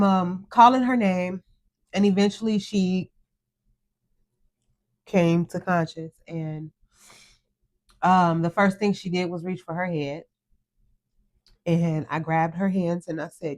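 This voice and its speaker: A woman's voice: fairly low pitch, fairly even intonation, slow pace, long pauses. A middle-aged woman telling an emotional story of a crash as a podcast co-host, earnest and close to tears. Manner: earnest, tearful retelling, quotes herself.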